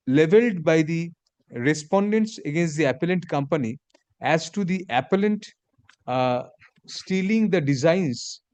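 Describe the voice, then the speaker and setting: A man, speaking as a judge and dictating a court order in measured phrases, saying the punctuation aloud. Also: fairly high pitch, a little mellow, dry recording.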